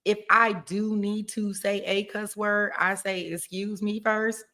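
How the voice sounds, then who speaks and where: A woman hosting a trial commentary video, reading out texts and reacting with expressive exclamations. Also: medium pitch, takes it slowly. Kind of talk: reacting to courtroom footage.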